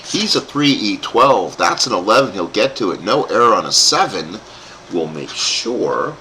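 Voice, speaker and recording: Animated man calling a tabletop baseball game. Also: lowish voice, unhurried, slight background noise. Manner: animated, rambling asides to live chat. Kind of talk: play-by-play commentary of a dice game.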